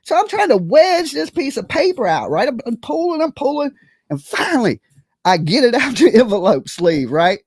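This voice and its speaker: Animated streamer telling a wild story. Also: medium pitch, no room sound, clean studio sound. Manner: animated, acts out scenes with buzzing sounds and quoted voices; rambling, keeps checking in with "right?" and "okay?". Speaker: live streamer. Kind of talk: comedic storytelling to a live audience.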